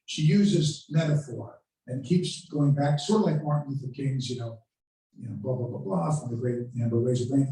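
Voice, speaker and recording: A man's voice: mid-range voice, brisk, mellow. A man giving a history lecture to a live audience, telling stories and acting out famous speeches with dramatic quotes. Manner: storytelling, dramatic quoting of speeches. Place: lecture room at a country club. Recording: very echoey room, voice from far off.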